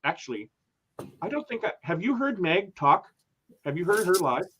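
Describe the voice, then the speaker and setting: A man's voice: sits high, big pitch swings, normal speed, a bit bright, slightly rough. A man hosting a casual travel livestream, chatting and reading viewer comments aloud with frequent laughs. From Canada. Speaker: travel channel host.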